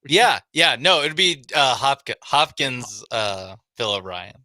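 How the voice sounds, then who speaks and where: A man co-hosting a sports radio show, bantering quickly and stumbling over his words. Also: mid-range voice, pushed and bright, no room sound. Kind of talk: casual sports talk. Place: radio studio. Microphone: studio mic.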